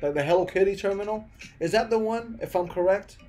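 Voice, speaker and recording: With a high, fairly quick and somewhat mellow voice, the young streamer replies to his viewers in a casual American accent while faint music plays behind him. Originally from the Philippines and raised in the US, he peppers his talk with "bro" and "man" and restarts a lot.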